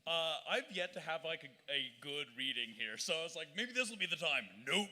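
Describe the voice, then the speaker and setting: A man, an author at a bar reading, plugging his books with rapid, hesitant talk. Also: a little high, lively intonation, pushed and bright. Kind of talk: self-promoting banter. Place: bar stage. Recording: reverberant live venue.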